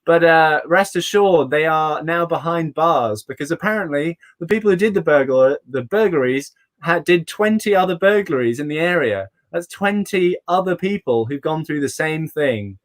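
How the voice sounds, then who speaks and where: A man's voice: a little high, lively intonation, moderate pace, hardly any pauses. A young man hosting a comedy showcase, rambling through his set with fillers and chuckles. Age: young adult. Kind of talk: stand-up routine. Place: home, online showcase.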